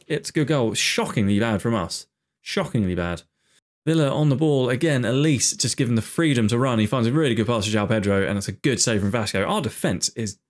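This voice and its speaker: A man giving casual, exasperated running commentary on his own video game play, with sarcastic asides about his team. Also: medium pitch. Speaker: gaming video host.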